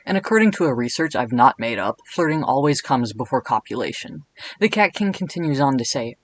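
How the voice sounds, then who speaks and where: A man narrating a comedic video essay in an irreverent, jokey way with deadpan asides. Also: mid-range voice, brisk, low-quality recording.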